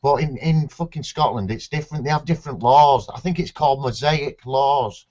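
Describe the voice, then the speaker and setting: A man's voice: medium pitch, moderate pace, darkish tone. Swearing English man, muffled call. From England. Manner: swears freely, mimics others in a raised voice. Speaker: chat participant. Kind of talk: casual chat.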